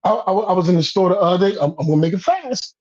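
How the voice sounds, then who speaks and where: A man rants in a heated casual chat. His voice sits high and husky, with a mellow, dark tone. He rambles, repeats words and swears, pushing into loud bursts, all heard through a dull lo-fi stream recording. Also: expressive, quick pace. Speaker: guest on a talk stream.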